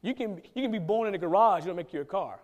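Male pastor with a high voice, preaches with emphasis and acts out quotes in a conversational way. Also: animated, rapid-fire, muffled recording. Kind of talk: sermon.

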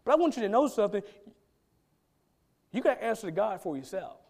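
Male pastor with a high voice, preaches with emphasis and acts out quotes in a conversational way. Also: very animated, a little fast, creaky, a little mellow. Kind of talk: sermon.

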